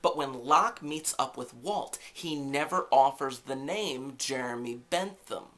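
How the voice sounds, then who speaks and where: A man hosting a podcast, giving a casual recap of a TV episode with lively, jokey asides and rhetorical questions. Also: mid-range voice, unhurried. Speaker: podcast host.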